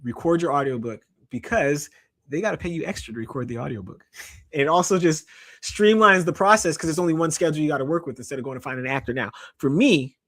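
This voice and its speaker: A middle-aged man from Canada, a podcast guest and author, talking in an animated, emphatic way. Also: on the high side, fast talker, no echo, studio quality. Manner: animated, emphatic storytelling with laughs. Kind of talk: casual podcast conversation.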